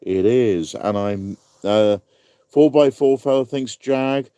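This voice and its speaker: A man's voice: medium pitch, slow, mellow, clear, resonant tone, dry recording. Chatty man hosting a live quiz. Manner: chatty, rambling asides, laughs at own jokes. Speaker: livestream quiz host. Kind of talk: casual live-stream quiz.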